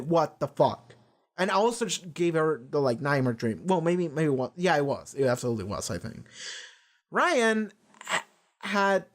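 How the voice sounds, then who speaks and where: A man with a somewhat high voice talks loosely about a show as a reaction video host. He rambles, restarts his thoughts mid-sentence and swears freely in a casual, unscripted way. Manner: rambling, profane, lots of restarts. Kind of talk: casual rambling episode discussion.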